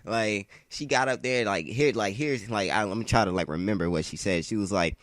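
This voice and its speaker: Low-voiced man telling a rambling story. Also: fairly quick, a bit bright, dry recording, clean studio sound. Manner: slangy, swearing, rambling with lots of "like". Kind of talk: casual storytelling over gameplay.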